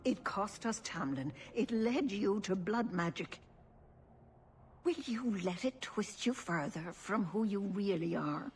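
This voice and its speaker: A woman playing a solemn elder female elf who leads her clan, speaking in a measured, grave way. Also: medium pitch, animated, a little mellow, a little hiss or hum. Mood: pleading. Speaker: clan keeper in a video game.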